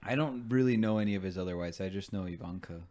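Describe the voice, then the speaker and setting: A man with a low voice hosts a podcast in loose, casual banter. He jokes, swears freely and laughs often. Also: fast, darkish tone. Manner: laughs often, joking, profane. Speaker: podcast host.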